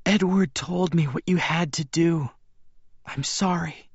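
A man voicing a frail young woman who speaks in a strained, breathy whisper, in an audiobook reading. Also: a little high, takes it slowly, no room sound, pitched above the performer's own voice, full character voice. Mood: weak whisper. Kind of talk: audiobook character voice. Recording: slightly dull dry recording.

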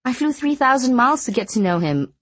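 A woman reading the part of a wry, curious young wife in an audiobook, with animated, teasing delivery. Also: sits high, a little fast, no echo, voice pushed up, full character voice. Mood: chatty.

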